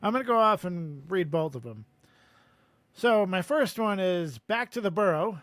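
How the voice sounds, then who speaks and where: A man with a high voice co-hosts a relaxed book podcast, chatting and reading chapter passages aloud. He laughs easily mid-sentence. The sound is dry and close, with no room around it. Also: moderate pace, dry recording. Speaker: podcast co-host. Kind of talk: casual book-discussion chat and reading aloud.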